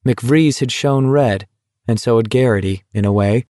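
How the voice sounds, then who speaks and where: A man narrates an audiobook in a medium-pitched voice, reading a script at a steady, measured pace. The recording is clean studio sound with no room sound.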